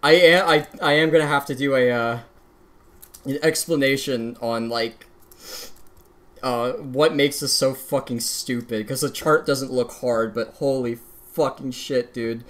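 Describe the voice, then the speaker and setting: A woman's voice: extremely low pitch, fairly even intonation, measured pace. A woman gamer who swears constantly, tearful and laughing with joy as she talks about her result. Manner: heavy swearing, breathless and laughing through tears. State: crying with joy. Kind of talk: excited casual vlog.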